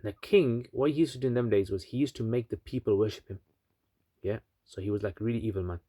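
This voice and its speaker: A man's voice: lowish voice, fast talker, mellow, no echo, studio quality. A man casually retelling a religious story, chatty with many asides and fillers.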